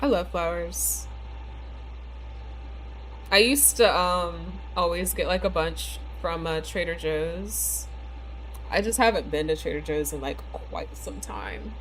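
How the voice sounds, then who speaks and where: A woman's voice: fairly low pitch, slow pace, a little hiss or hum. A woman streaming a game live, chatting casually with lots of "like" and "you know", her speech a little slurred from a bitten tongue. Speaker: livestream gamer. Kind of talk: casual live-stream chat while playing.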